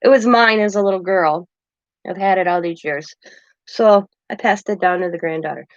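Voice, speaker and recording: Speaking at a moderate pace in a lowish voice, this older craft-channel host wanders through casual, meandering chat from her home and laughs frequently. There's no echo, though the audio has a dull, dry, lo-fi quality.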